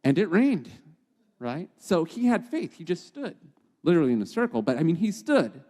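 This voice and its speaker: A man's voice: fairly high pitch, very animated, moderate pace, warm tone, big-room sound. A man hosting a podcast and teaching scripture in a conversational devotional way, often checking in with his listeners by asking "okay?" and "right?".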